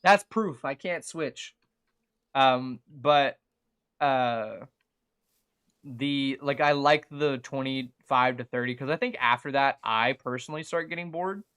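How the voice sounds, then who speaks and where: Young male streamer, light Southern accent, bright tone, chatty and rambling. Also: medium pitch, takes it slowly, clear, resonant tone. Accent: mild Southern American. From Southern United States. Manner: rambling, chatty, many fillers and restarts. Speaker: gaming livestreamer. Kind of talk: casual livestream chat while playing.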